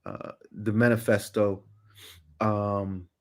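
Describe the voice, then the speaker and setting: A man's voice: fairly low pitch, flat delivery, takes it slowly, darkish tone. Passionate man repeating phrases for emphasis. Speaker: guest. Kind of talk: casual chat.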